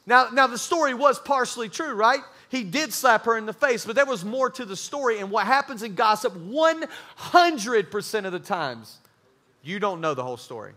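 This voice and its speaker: A young man preaching a youth sermon, joking and acting out quick bits of dialogue. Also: very high voice, lively intonation, bright, forceful tone. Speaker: youth pastor.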